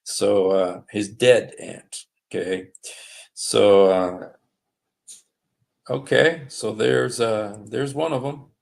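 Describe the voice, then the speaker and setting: Here a livestream host reads material aloud with casual commentary, using a desktop streaming mic. The low, gravelly voice moves slowly, broken up by many fillers and apologetic asides.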